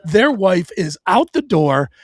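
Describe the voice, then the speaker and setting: A man's voice: sits high, big pitch swings, slow, no room sound, clean studio sound. A middle-aged man on his own show, telling a hard personal story bluntly and profanely, with stammered restarts.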